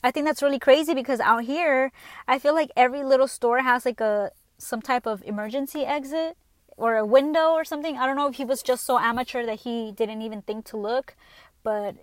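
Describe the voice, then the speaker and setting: A woman with a bright, high voice rants straight into the mic. She is blunt and swears freely as she tells her stories. The sound is dry and close, with no room around it. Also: moderate pace, no room sound. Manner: blunt, profane, animated storytelling. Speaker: podcast host. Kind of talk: casual ranting monologue.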